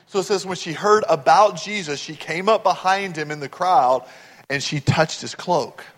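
A man's voice: a little high, moderate pace, a bit bright, long reverb tail. A man preaching a sermon as pastor, earnestly explaining scripture verse by verse.

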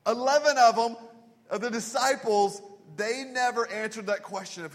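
A man preaching a sermon as pastor, telling stories and dropping to a hushed voice for quoted words. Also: very high-pitched, normal speed. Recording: long reverb of a large hall.

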